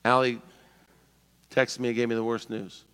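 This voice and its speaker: A man preaching a sermon as pastor, animated and joking, acting out the voices of people in his stories. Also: mid-range voice, normal speed, clear, resonant tone, long reverb tail. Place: church sanctuary.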